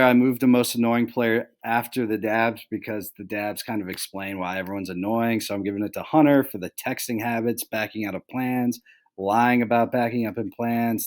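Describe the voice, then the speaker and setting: A young man with a somewhat low voice hosts a loose, chatty recap. He rambles, filling his talk with "like" and "um." He jokingly hands out mock penalties to his friends. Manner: rambling, full of "like" and "um". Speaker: host of a fantasy football recap. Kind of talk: casual recap monologue.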